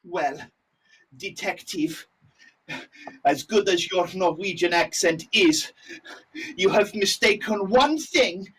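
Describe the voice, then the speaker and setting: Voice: mid-range voice, slow pace, long pauses, fairly bright tone, a little hiss or hum. A performer improvising a timid, self-pitying suspect who protests being too pathetic and weak to kill. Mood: plaintive. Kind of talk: improvised theatre role-play. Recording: distant from the mic.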